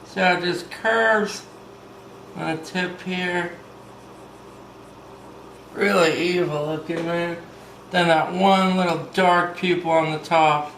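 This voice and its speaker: A man's voice: high voice, steady tone, takes it slowly, vocal fry, pauses often, fairly bright tone, roomy sound, a little hiss or hum, low-quality recording. A man hosting a casual step-by-step drawing lesson, upbeat and playful, tossing in "baby" and little sung bits. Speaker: drawing tutorial host.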